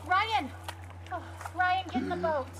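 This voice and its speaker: A woman voicing a hopeful mother in a video game, pleading gently and earnestly with her husband. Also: very high-pitched, unhurried, very noisy.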